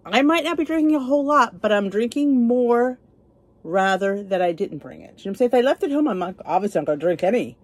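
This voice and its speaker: A woman's voice: fairly high pitch, lively intonation, fast. A middle-aged woman vlogging in her home kitchen, chatting casually and rambling with frequent asides. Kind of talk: casual chat.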